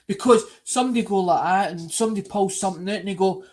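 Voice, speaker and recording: Scottish man, high voice, casual live stream host, earnest, rambling, repeats himself. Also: quick pace, hardly any pauses, darkish tone.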